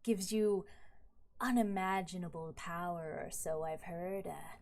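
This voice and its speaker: A woman voicing a middle-aged nobleman who is ambitious, scheming and smoothly evasive. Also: on the low side, a little slow, a little mellow.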